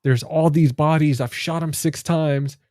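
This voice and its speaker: Laid-back guy talking movies, kinda high mellow voice, dry sound. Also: unhurried, no room sound. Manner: relaxed, laid-back, says dude and like often. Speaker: podcast co-host. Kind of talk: casual movie chat.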